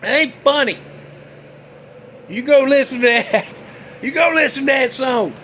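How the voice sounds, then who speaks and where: High-voiced man in his 60s. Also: measured pace, a bit bright, a little hiss or hum. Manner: folksy, joking storyteller. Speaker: host. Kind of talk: casual movie talk vlog.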